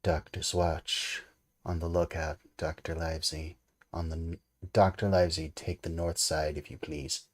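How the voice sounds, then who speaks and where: A man reading as a stern sea captain, clipped and commanding, with a deep, low voice. He gives his orders slowly and curtly, with no warmth to them. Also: flat delivery.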